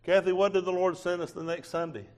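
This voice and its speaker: A preacher, telling a sermon testimony in a folksy storytelling way with quoted dialogue. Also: male voice, high-pitched, flat delivery, fast.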